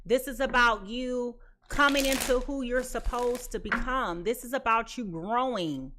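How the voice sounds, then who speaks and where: A woman's voice: a little high, measured pace, noisy background. A woman giving a live tarot reading in a chatty manner, repeating her phrases and laughing often. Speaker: tarot reader.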